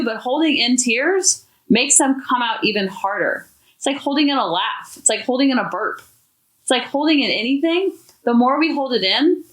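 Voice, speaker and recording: A woman hosting a parenting podcast, talking in a chatty, animated, expressive way. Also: on the high side. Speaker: podcast host. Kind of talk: casual parenting talk. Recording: echoey room.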